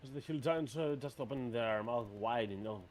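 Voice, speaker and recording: A man running a tabletop game as game master, narrating the action in an animated way with many fillers. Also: medium pitch, normal speed, a little hiss or hum.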